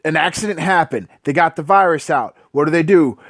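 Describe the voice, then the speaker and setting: High-voiced man ranting, swearing, sarcastic. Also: a little fast, a bit bright, no room sound, studio quality. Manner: profane, exasperated, sarcastic; loose filler-heavy talk. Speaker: movie reviewer. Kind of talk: casual ranting movie review.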